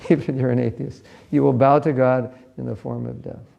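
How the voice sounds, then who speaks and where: A man's voice: mid-range voice, little pitch movement, moderate pace, vocal fry, dull audio. A man giving a scripture class in a conversational, storytelling way, sometimes turning to ask his listeners questions. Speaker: class speaker.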